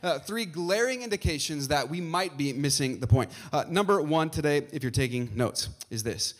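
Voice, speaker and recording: Energetic preacher man, lively delivery. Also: on the high side, moderate pace, hardly any pauses. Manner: preaching with frequent uh fillers and repeated phrases; asks the congregation for responses. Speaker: pastor. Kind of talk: sermon.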